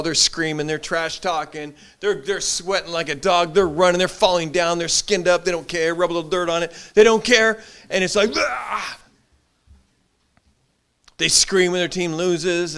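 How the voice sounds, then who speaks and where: Animated preaching man, slightly high voice. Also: clear, resonant tone. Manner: animated preaching, acts out short quoted voices, frequent repeated words. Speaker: pastor. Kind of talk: sermon.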